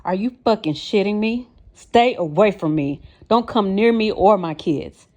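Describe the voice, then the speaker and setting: A woman's voice: medium pitch, lively intonation, measured pace, darkish tone, voice pushed up, lightly acted. A woman voicing a frightened young woman who pleads with her abuser and then defies him. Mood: defiant.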